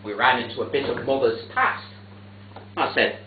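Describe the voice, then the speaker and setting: A man performing a theatrical monologue on stage, telling the story in a fussy, prim, deadpan way. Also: medium pitch, moderate pace, slight background noise. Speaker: stage actor. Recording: echoey theatre, distant tinny capture.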